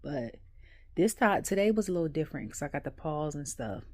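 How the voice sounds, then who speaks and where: A woman vlogging a casual wrestling recap at home, an animated storyteller who laughs often. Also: deep voice, brisk, vocal fry. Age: adult.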